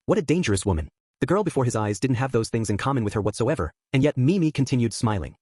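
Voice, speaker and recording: A man narrating an audiobook with a steady storytelling read. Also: mid-range voice, fast talker, slightly rough, no echo. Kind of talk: scripted narration.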